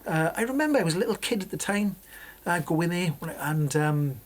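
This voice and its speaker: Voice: medium pitch, expressive, fairly quick. A vlogger in their sixties from Wales, chatting in a meandering, casual way and often restarting sentences. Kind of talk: casual rambling commentary.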